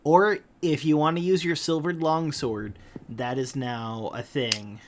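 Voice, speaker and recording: A man's voice: on the high side, fairly even intonation, a little slow, noisy background. A man running a tabletop game as game master, announcing attacks and rolls in a matter-of-fact way.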